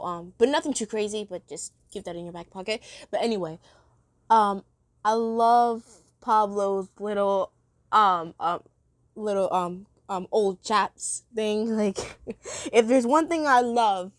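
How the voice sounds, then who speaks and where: A woman's voice: medium pitch, no echo, studio quality. A woman giving a casual spoken review, chatty and rambling with many fillers and restarts, laughing often.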